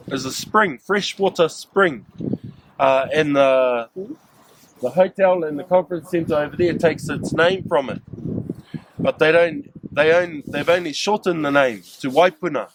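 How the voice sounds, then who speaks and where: Man, New Zealand accent, guide for a group, engaging and quizzing, slightly raised pitch. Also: a little hiss or hum. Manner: engaging, asks the group questions. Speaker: cultural guide leading staff. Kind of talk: outdoor cultural site talk to a group.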